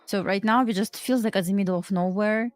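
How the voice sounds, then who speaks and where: Steady woman explaining trades, dry sound. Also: medium pitch, fairly quick, dry recording. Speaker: trader on a live trading show. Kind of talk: casual live-stream chat.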